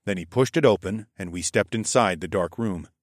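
A man narrating a first-person fantasy audiobook in a measured, steady storytelling manner. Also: fairly low pitch, no room sound, clean studio sound.

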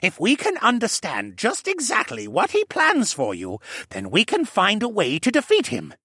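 A man voicing a formal, cautious old male koala archivist who speaks in a precise, placating way in a raised, husky voice. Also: high voice, huge pitch swings, moderate pace, bright, forceful tone, no echo, studio quality, voice pushed up, exaggerated voice. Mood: urgent.

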